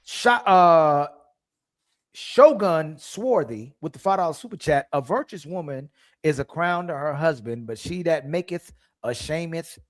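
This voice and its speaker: Livestream co-host, young man, reads super chats aloud, trips on names, higher voice. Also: expressive, a little slow. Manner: reads donor messages aloud, stumbles over names. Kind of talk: casual livestream chat.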